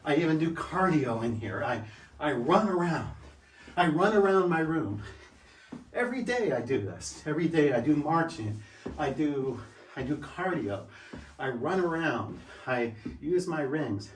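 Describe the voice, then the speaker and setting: A man's voice: fairly high pitch, lively intonation, normal speed, slight background noise. A sixty-year-old man, slightly winded, speaks from some distance off the mic in a roomy home space. He drives his points home by repeating them as he shows how things work. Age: 60s. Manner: emphatic, repeats points, demonstrates while talking. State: out of breath. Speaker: fitness vlogger. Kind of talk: casual vlog talk. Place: room at home.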